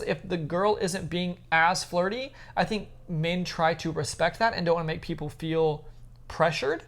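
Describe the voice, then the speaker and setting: A man's voice: sits high, a bit bright. Easygoing man podcast co-host. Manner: easygoing, conversational, a bit rambling. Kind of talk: casual chat.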